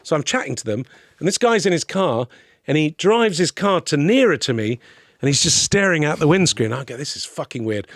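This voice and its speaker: A middle-aged man tells a comic story, his pitch leaping all over the place as he acts out other people's voices. His voice sits a little high for a man. He swears freely, and the sound is close and dry with no room echo. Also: sing-song, fairly quick, fairly bright tone. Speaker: podcast guest. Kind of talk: comic anecdote telling.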